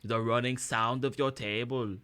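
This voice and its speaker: A man's voice: mid-range voice, fairly even intonation, normal speed, bright, forceful tone, clean tone. A man hosting a casual livestream, upbeat and chatty with his viewers, chuckling often. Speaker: streamer and musician.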